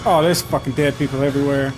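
A fast-talking man with a medium-pitched, fairly evenly intoned voice hosts a horror game let's play for his gaming channel. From his home setup, with horror music playing, he is jumpy and profane, covering his nerves with jokes and nonstop swearing.

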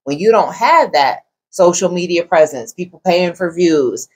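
Woman, lowish husky voice, podcast co-host, earnest casual talk. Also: expressive, measured pace. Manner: earnest, speaks from personal experience.

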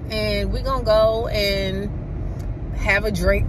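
A young woman chatting to her viewers in a casual vlog, animated and laughing often, recorded on a phone. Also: medium pitch, slow pace, noisy background. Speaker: beauty vlogger. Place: in a car, then outdoors at night in the cold.

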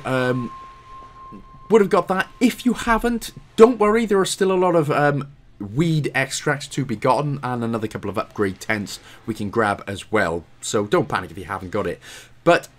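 A Welsh man giving casual, chatty commentary over a video game walkthrough, with self-deprecating, apologetic asides. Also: medium pitch.

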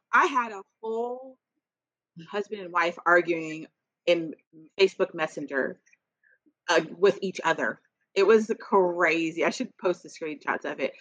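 A woman co-hosting a podcast, telling a story in blunt, animated casual chat and laughing often. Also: on the low side, no echo, poor audio. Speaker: podcast co-host.

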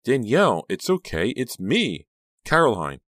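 A man's voice: low voice, sing-song, moderate pace, dry recording, studio quality. A man voicing a teenage girl who soothes a friend before turning into a werewolf. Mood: soothing. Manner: soft soothing reassurance.

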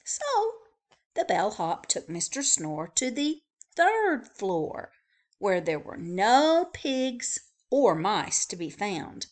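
Woman librarian, kids' storytime read-aloud, slow and very animated, sound effects. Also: medium pitch. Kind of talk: children's picture book read-aloud.

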